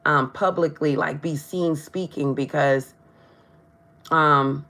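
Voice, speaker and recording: Brief: woman tarot streamer, lower voice, chatty, tongue-tied. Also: fairly even intonation, slow, a bit bright. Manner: stumbles over words, tongue-tied; chatty, addresses viewers directly. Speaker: tarot reader. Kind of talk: live-stream tarot reading.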